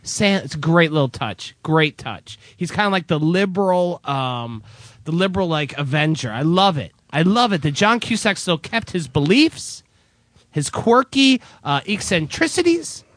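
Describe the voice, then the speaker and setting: A man's voice: on the high side, lively intonation, normal speed, fairly bright tone, no room sound. A man from Canada hosting a radio show, teasing and playful in bantering movie talk. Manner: teasing, playful, mock-enthusiastic.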